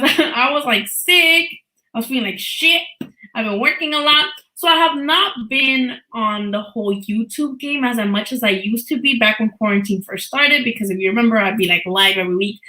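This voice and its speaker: A woman's voice: fairly high pitch, animated, a little fast, pushed and bright, roomy sound, rough recording. A woman in her thirties hosting a live boxing talk stream, chatting casually and bluntly, swearing freely and laughing often.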